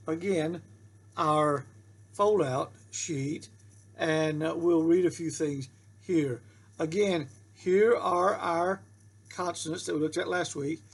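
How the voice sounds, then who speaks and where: A man teaches a beginner Hebrew lesson at an unhurried pace. His voice sits a little high, with a husky, gravelly texture. He patiently repeats each rule and sounds out syllables for his students. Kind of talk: slow classroom-style lesson.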